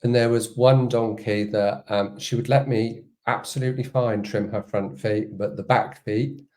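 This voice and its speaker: A man, a hoof trimmer, telling an anecdote on a live stream with halting, hesitant phrasing. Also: on the low side, steady tone, darkish tone.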